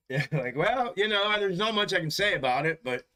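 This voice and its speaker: Bright-voiced laid-back male streamer. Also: a little high. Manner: laid-back, profane, chuckles often, addresses viewers as bro. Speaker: stock market livestream host. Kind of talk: casual live-stream chat.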